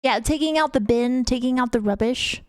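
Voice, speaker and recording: Young British woman, high voice, unhurried casual stream chat, giggly, close dry mic. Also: dry recording. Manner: chatty, giggly, greets chat members. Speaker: VTuber streamer.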